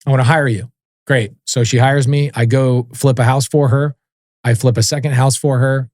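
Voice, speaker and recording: A man's voice: mid-range voice, fairly even intonation, moderate pace, a little mellow, no room sound, studio quality. A man in his forties, a podcast guest telling stories casually and animatedly, acting out the voices of people he quotes and swearing offhandedly. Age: 40s. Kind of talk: casual storytelling interview.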